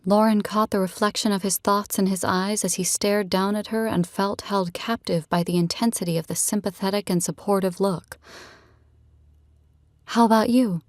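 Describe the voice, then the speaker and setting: A woman narrating a romance novel in a measured, steady storytelling voice. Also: medium pitch, dry recording, studio quality. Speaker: audiobook narrator. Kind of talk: scripted narration.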